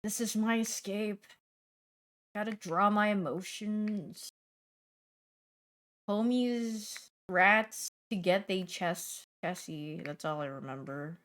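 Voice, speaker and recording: Speaking slowly in a mid-range voice, a young woman streamer chats in a playful, casual livestream. While answering chat, she alternates between loud bursts and low, mumbling asides.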